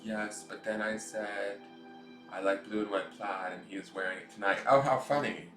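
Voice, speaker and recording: A man's voice: fairly low pitch, fairly even intonation, moderate pace, a bit bright, echoey room, faint music behind. A man with a nasal voice, hosting a tarot live stream from home and chatting goofily with viewers. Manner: goofy, chatty, reads out viewer comments.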